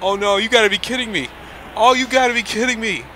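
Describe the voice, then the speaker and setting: A young man giving excitable let's play commentary, given to sudden outbursts as he plays blind. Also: high voice, quick pace, a little hiss or hum. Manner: excitable, prone to loud outbursts. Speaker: game streamer.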